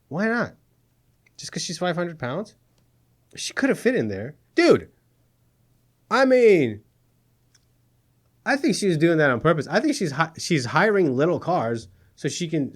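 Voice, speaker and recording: A man hosting a satirical news show, sarcastic and exasperated, often laughing at his own jokes. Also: on the high side. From Middle East. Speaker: comedy news host.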